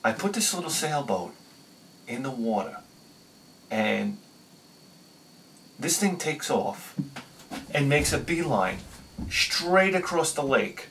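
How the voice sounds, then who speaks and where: A man telling a personal story on his video channel, excitable, swinging between loud bursts and quiet asides. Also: medium pitch, slow pace, pauses often, distant mic, slight background noise. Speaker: video host.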